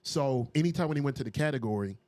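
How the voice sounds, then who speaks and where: A man's voice: fast talker, no room sound. A man, a music producer and DJ, telling stories casually in an interview, acting out what people said. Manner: animated, acts out quotes with raised pitch.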